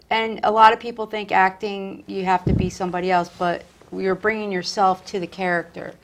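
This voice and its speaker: A woman's voice: medium pitch, little pitch movement, normal speed. A woman hosting a casual interview, effusive and encouraging toward her guest. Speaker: host.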